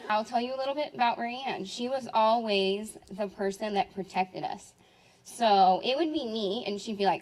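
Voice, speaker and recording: A woman in her twenties, the maid of honor, giving a jokey, animated wedding toast full of laughs. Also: fairly high pitch, moderate pace, poor audio. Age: 20s. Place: wedding reception.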